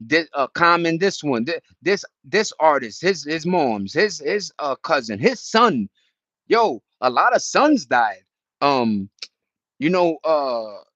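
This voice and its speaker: Rambling, slangy young man, higher voice. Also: fairly bright tone, no echo. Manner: rambling, slangy, full of restarts. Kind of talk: casual chat. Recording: dull dry lo-fi sound.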